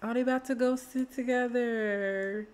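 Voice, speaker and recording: A woman, chatting excitedly to viewers while playing a life-sim game. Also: a little high, a little slow. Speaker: gaming streamer. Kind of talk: casual let's-play commentary.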